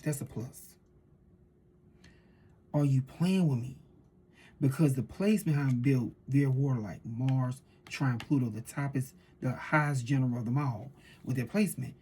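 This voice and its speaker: A woman talks through a tarot reading in a loose, animated way and circles back to repeat her points. Her voice is breathy and husky, with a dark, relaxed tone. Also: rumbling low, moderate pace. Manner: animated storytelling with repeated phrases. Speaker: tarot reader. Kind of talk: casual tarot reading monologue.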